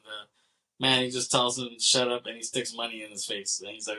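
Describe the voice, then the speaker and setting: A man co-hosting a film podcast, rambling loosely through a movie's opening scenes with a laugh never far off. His voice is very bright and sits in an ordinary middle pitch. He keeps slipping into quick quoted lines as he tells it. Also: steady tone. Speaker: podcast co-host. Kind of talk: casual film discussion.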